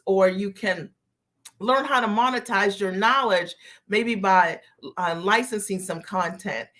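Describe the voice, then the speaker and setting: An enthusiastic woman coaching on a live stream, with a mid-range voice. She welcomes viewers by name and repeats her main points slowly so they land. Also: medium pitch, a bit bright. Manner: repeats key phrases slowly for emphasis.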